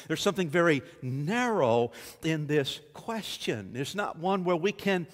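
A male Baptist pastor preaching a sermon, emphatic and building to forceful peaks. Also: on the high side, sing-song, unhurried. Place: church sanctuary. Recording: church hall reverb.

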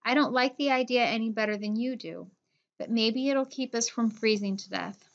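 A woman's voice: a little high, normal speed, natural voice. A woman voicing a determined, bossy boy who gives curt orders, on a dull lo-fi recording. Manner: curt, commanding.

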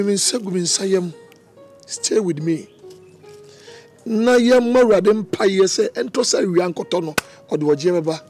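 Casting: a man as a desperate Ghanaian lover, high voice, emotional pleading, faint film score. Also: darkish tone, natural voice. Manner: emotional pleading, switching between Twi and English. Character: desperate man begging his partner to stay. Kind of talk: film acting.

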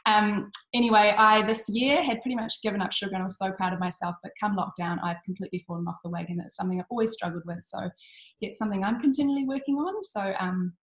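A woman's voice: mid-range voice, quick pace. Chatty, tired woman health coach, talking in an echoey room, loose and rambling. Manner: chatty, with frequent ums and restarts; uses 'bloody' as an intensifier. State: tired from little sleep. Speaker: health coach giving an online talk. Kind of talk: casual presentation.

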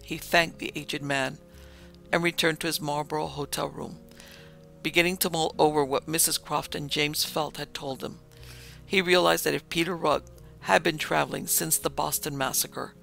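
A man hosting a podcast, telling a ghost story and reading its dialogue in a steady, measured way. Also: a little high, vocal fry. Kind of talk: storytelling narration with quoted dialogue. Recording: faint music behind the voice.

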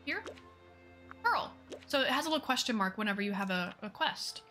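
A woman streaming a game live, with a high, bright voice that swings up and down as she chats with viewers. She reads their messages aloud, greets people as they arrive and says "y'all" often. Soft game music plays in the background. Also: expressive, fairly quick. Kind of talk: live gameplay chat.

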